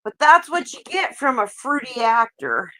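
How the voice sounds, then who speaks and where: A woman's voice: fairly high pitch, big pitch swings, normal speed, bright, forceful tone. A woman chatting casually on a live audio panel, laid-back, joking and swearing freely.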